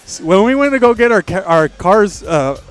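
A man hosting a livestream, telling a story in a profane, animated way, with faint music behind. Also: sits high, normal speed, clean tone. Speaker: livestream host. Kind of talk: casual storytelling on stream.

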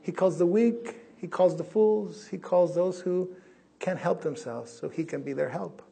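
Man, pastor, church sermon, airy raspy tone, slightly raised pitch, emphatic loud-to-soft delivery. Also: unhurried. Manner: emphatic, rising to loud peaks then dropping to a hush. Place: church sanctuary.

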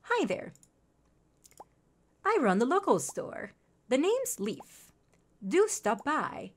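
A woman reading aloud the lines of a welcoming male store owner in a game, in a polite, measured way. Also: sits high, huge pitch swings, exaggerated voice.

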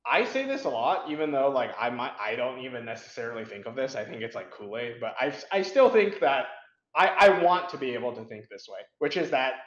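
Young male guest, casual and blunt, halting rambly delivery, roomy muffled sound. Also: medium pitch, big pitch swings. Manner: rambling, frank, lots of fillers and restarts. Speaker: interview guest, competitive programmer. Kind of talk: casual interview chat.

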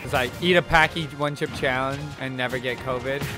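A man hosting a casual vlog, talking excitably and directly to his viewers. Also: mid-range voice, a little fast. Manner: excitable, talks straight to viewers. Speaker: streamer and video host. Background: background music.

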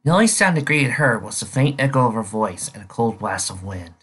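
A man narrating his own fan story in a slightly husky voice. His delivery is animated and lively, rising and falling through the lines at an even middle pitch. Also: a little fast. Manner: expressive, animated reading. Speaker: fan fiction author and reader.

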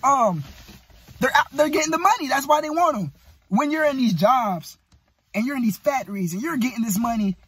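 A young man delivers a blunt, profane pep talk with a high, husky voice. He pushes hard at the listener and keeps calling them "bro". The sound is dry and close. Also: dry recording. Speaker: motivational vlogger. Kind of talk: casual motivational rant.

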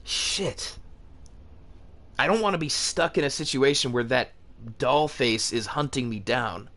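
A young man talks his way through a horror game, thinking aloud and muttering to himself. His pitch sits in a middle range, and he swears and shouts when the game jumps at him. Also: a little slow. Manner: jumpy, swears and laughs nervously, shouts when scared. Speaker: gaming video host.

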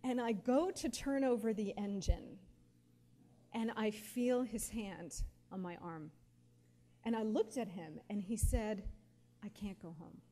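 A woman in her forties telling personal stories to an audience, lively and anecdotal, often quoting others with feeling. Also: mid-range voice, slow. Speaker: guest speaker. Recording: long hall reverb, faint background noise.

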